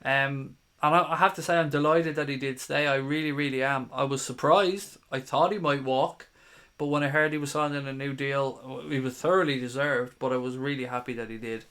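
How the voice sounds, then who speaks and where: A man's voice: mid-range voice, fairly even intonation, a little fast, fairly bright tone, smooth. A man in his thirties hosting a live stream, casually reading viewer comments aloud in a chatty, matey way and swearing now and then. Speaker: fan channel host.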